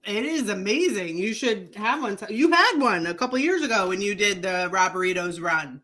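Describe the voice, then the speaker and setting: A woman's voice: medium pitch, lively intonation, moderate pace, fairly bright tone. A woman co-hosting a running podcast in a chatty, playful way, laughing easily. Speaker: podcast co-host. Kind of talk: casual chat.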